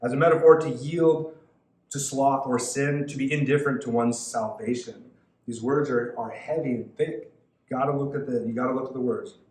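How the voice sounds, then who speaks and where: A man leading a youth Bible study, talking casually and excitedly, laughing often and jumping up in pitch when he quotes people. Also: moderate pace, reverberant, low-quality recording. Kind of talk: informal Bible teaching.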